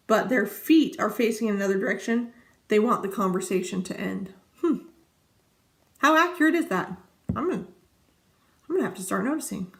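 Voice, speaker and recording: A woman in her thirties chatting casually to camera as a vlogger, rambling and easily sidetracked. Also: on the high side. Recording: echoey room.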